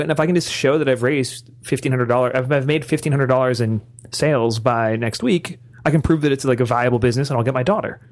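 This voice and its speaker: Quick, enthusiastic man chatting on a podcast. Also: medium pitch. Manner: enthusiastic, laughs often, quotes dialogue. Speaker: podcast co-host. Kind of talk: casual chat.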